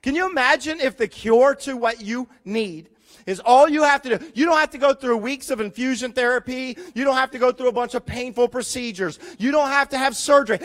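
A man preaching a sermon, retelling a scripture story in an animated way and briefly acting out the people in it. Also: very high-pitched, brisk. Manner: animated storytelling, voicing characters, rising to loud emphasis. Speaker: pastor.

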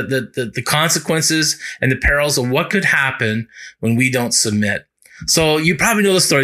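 Earnest pastor with a bright voice. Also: male voice, on the high side. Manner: earnest, slows down on key words. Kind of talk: sermon.

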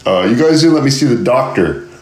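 A man's voice: mid-range voice, lively intonation, a little fast, a little mellow, pitched above the performer's own voice, natural voice. A man voicing a whiny young male army draftee who pleads and complains. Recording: roomy echo.

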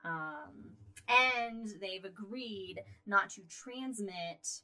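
A woman's voice: medium pitch, very slow. Chatty woman co-hosting a casual podcast. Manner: chatty, lots of fillers, swings in loudness. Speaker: podcast co-host. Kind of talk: casual astronomy chat.

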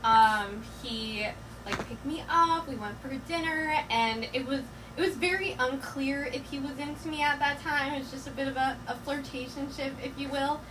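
A woman's voice: high voice, normal speed. A woman guest on a podcast, talking casually and rambling with many fillers. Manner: rambling, full of fillers and giggles. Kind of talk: casual chat. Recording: distant mic with background noise.

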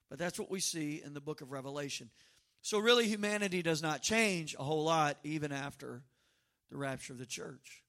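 A man preaching a sermon, teaching in a lively, conversational storytelling way. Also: high-pitched, normal speed. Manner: lively, shifts from quiet to loud. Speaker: pastor.

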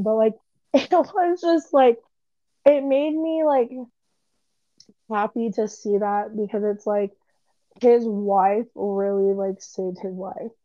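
A woman's voice: medium pitch, slow pace, long pauses, mellow, dry recording. A young woman in casual chat about a movie, rambling emotionally and filling her talk with "like". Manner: rambling, heavy use of "like", emotional. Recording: dull lo-fi sound.

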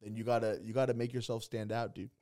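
A man's voice: on the low side, flat delivery, quick pace, mellow. A young man co-hosting a podcast, joking and teasing, full of "like" and "dude". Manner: joking, teasing, filler-heavy with lots of "like" and "dude". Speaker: podcast co-host. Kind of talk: casual podcast chat.

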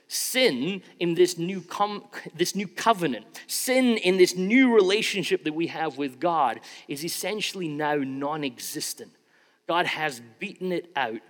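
A man delivers a sermon in a high, lively-pitched voice. He keeps it conversational, acting out everyday examples along the way. His words carry a long echo through a large church hall. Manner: conversational, acts out examples with shifting tone. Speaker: preacher.

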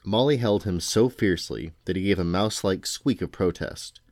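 A man reading a novel aloud to his sons at home, at a steady, unhurried pace. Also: deep voice. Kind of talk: bedtime storybook reading.

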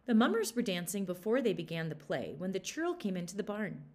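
A woman narrating a folk tale in a measured, expressive storybook reading. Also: medium pitch.

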